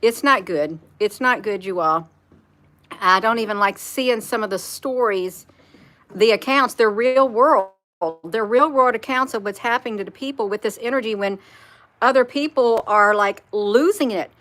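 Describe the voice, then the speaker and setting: A woman's voice: fairly high pitch, moderate pace, a bit bright. A woman talking earnestly on a live stream, repeating herself for emphasis and reading viewer comments aloud. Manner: repetitive, earnest, reads chat comments aloud. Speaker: spiritual vlogger.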